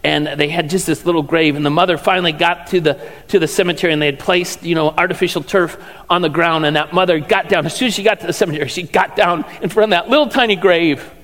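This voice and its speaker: A man preaches a sermon in a chatty, questioning way, his voice pitched high for a man. The sound carries a long hall reverb. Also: fast talker, a bit bright. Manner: conversational preaching with rhetorical questions. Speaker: pastor.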